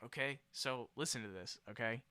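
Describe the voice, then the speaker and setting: A young man vlogging in casual, slangy chat, with an excitable manner that swings from loud to soft. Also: mid-range voice, normal speed, clear, resonant tone, no room sound. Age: young adult.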